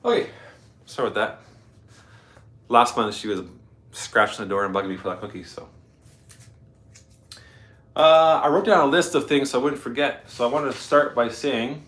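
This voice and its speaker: A man's voice: medium pitch, a bit bright. A Canadian man hosting a casual live stream, rambling chattily to his viewers and his dog, a little stuffy. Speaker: livestream host.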